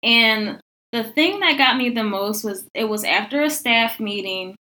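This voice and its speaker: A young woman tells a story in casual podcast chat, her voice bright and sitting a little high. She fills her speech with "like" and jumps higher in pitch when she acts out what others said. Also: expressive, a little slow. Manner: lots of "like" fillers. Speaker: podcast guest telling a story.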